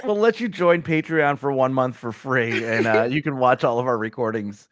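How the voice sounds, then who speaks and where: A man's voice: mid-range voice, normal speed, no room sound, clean studio sound. A man co-hosting a comedy podcast, chiming in with jokes and laughter. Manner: joking, laughing interjections. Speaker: podcast co-host. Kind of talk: casual banter.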